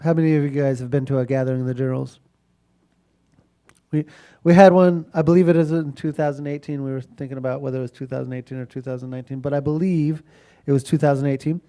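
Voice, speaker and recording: A man's voice: mid-range voice, fairly even intonation, fast talker, warm tone. A man starting a casual sermon in a church, talking conversationally to the congregation. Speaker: preacher.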